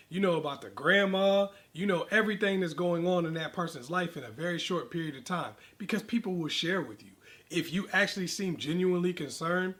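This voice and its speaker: Emphatic man with a higher voice. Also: a bit bright. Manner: emphatic, builds points in repeated lists; confident, direct. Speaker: sales coach vlogger. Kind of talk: casual advice monologue to camera.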